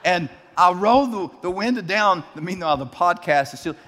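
A man preaching a sermon, telling a personal story and acting out the people in it with lively energy. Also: high-pitched, normal speed, in a large hall, slight background noise. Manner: animated, acts out characters in his story. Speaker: pastor.

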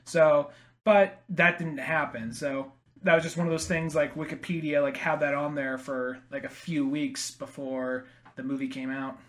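A man's voice: on the high side, fairly even intonation, normal speed, a bit bright. A man co-hosting a casual movie talk, rambling and acting out quotes with casual swearing.

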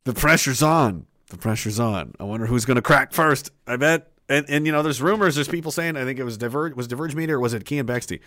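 A man's voice: mid-range voice, fast, hardly any pauses, pushed and bright, no room sound, clean studio sound. A man talking politics in a rambling, profane way, laughing often. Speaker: commentator. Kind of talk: political commentary vlog.

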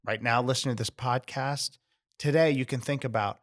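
A man's voice: medium pitch, fairly even intonation, normal speed. A middle-aged man hosting a podcast, giving an earnest, emphatic motivational talk. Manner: earnest, emphatic, building up encouraging scenarios. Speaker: podcast host.

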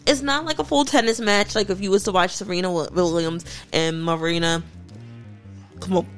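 A woman's voice: on the low side, moderate pace, faint music behind. A woman co-hosting a podcast, chatting casually and ranting emphatically. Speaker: podcast co-host.

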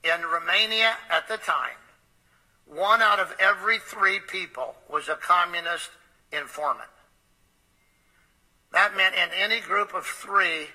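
A man's voice: high voice, bright, forceful tone, rough recording. A man preaching, telling a story in a conversational way with frequent hesitant fillers. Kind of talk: storytelling sermon.

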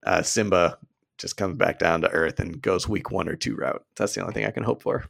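Gravelly low-voiced male co-host. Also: fairly quick. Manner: laid-back, self-deprecating. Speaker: podcast co-host. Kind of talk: casual podcast banter.

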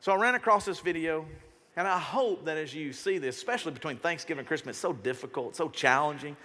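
A male pastor preaches into a stage microphone in a church auditorium at a quick pace. His voice is high and bright, his delivery casual and lively with frequent impressions of other people, and each phrase fades into long reverb.

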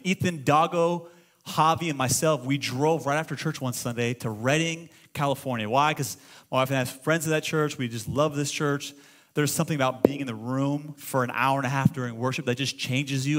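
A middle-aged man preaching a sermon as pastor, moving between loud exclamations and hushed storytelling. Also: medium pitch. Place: church auditorium.

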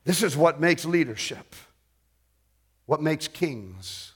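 A middle-aged man delivers a sermon in a somewhat high, slow voice with vocal fry and a breathy edge. He reads scripture, retells it with feeling, varies his loudness, and jokes with listeners.

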